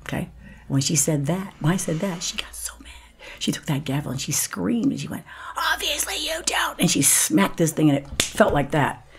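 Low, gravelly woman telling a story. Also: normal speed. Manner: vivid storytelling, acts out voices, drops to a whisper. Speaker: guest actress. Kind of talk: podcast storytelling.

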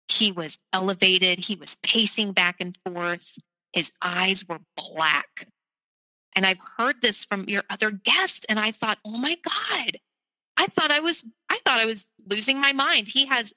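A woman, telling her personal story as a podcast guest in a vivid, animated way. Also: medium pitch, no room sound, rough recording. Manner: animated, vivid retelling with quoted voices.

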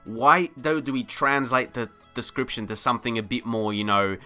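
Bright-voiced man chatting over gameplay. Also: medium pitch, moderate pace, soft background music. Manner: chatty and rambling, laughs often, gets excited at plays. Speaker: gaming video host. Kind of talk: casual gameplay commentary.

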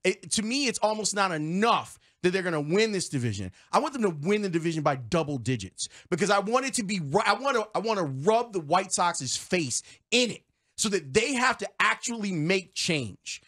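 A man's voice: sits high, animated, moderate pace, a bit bright. A man co-hosting a sports talk radio show, ranting emphatically and repeating his points in a radio studio. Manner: emphatic, repetitive, fired-up.

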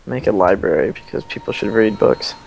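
A man's voice: lowish voice, expressive, fairly quick, gravelly, a little mellow. A young man hosting a multiplayer strategy game session, rambling and joking in casual banter. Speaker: let's play host.

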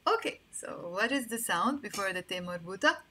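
A young woman with a Lebanese accent teaching Arabic pronunciation in an online lesson, patiently repeating words slowly for learners. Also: mid-range voice, lively intonation, pushed and bright, slight background noise.

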